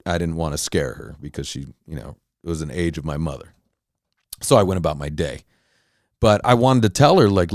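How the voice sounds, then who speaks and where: Low-voiced man ranting, dry close sound. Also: lively intonation, a little fast, darkish tone, no room sound. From Los Angeles County, Southern California. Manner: profane, heated storytelling with frequent restarts. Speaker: podcast host. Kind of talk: casual monologue rant.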